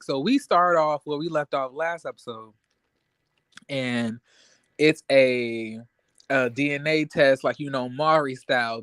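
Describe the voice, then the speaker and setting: A man's voice: medium pitch, a bit bright, no room sound. Blunt man ranting about reality TV. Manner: blunt, profane, acts out scenes. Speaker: co-host. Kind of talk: casual reality TV recap chat.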